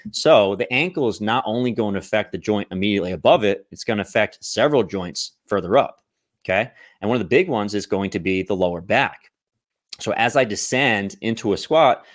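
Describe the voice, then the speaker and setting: A man's voice: lowish voice, dry recording, clean studio sound. A man coaching on exercise technique, explaining step by step and checking in often with the listener. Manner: explanatory, checks in with "right?" and "okay?". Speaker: fitness coach.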